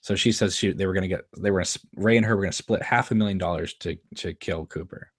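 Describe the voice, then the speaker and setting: Male host, very low pitch, dry close-mic sound, relaxed chatty commentary with frequent laughs. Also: fast, husky, dry recording. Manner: chatty, laughs often, quotes lines from the scene. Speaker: show host commenting on an episode. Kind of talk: casual watchalong commentary.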